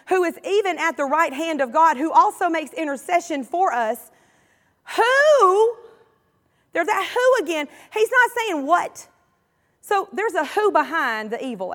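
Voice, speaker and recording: In a large hall, a woman preaches with a Southern US accent, her high, slightly bright voice lively in intonation and moderate in pace. Her delivery is impassioned and emphatic, with repeated phrases and calls for the congregation to respond, which it does.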